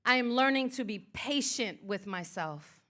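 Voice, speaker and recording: A woman leads a live crowd through affirmations and spoken-word pieces. Her voice is bright and forceful and sits a little high. She speaks in rhythmic, declarative phrases meant for a room to repeat. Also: expressive, measured pace. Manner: rhythmic, declarative, leading call-and-response. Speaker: motivational speaker. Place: art museum event space.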